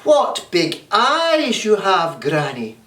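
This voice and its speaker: A man voicing innocent young Little Red Riding Hood, speaking slowly and wonderingly in a raised voice. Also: sits high, wildly swooping pitch, bright, forceful tone, pitched above the performer's own voice, full character voice. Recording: roomy, distant mic.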